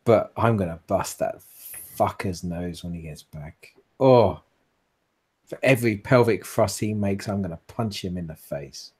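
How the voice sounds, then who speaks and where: A man's voice: low voice, a little slow, darkish tone, slightly rough. A man voicing a retired female ex-fighter who is blunt, swears freely, and is protective. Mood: angry. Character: blunt retired female ex-fighter, caring but foul-mouthed.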